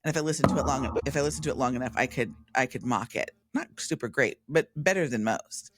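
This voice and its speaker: A woman, a podcast guest chatting casually in an animated way, often breaking off mid-thought and mimicking voices. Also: a bass voice, fast talker, very noisy. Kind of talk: casual conversation.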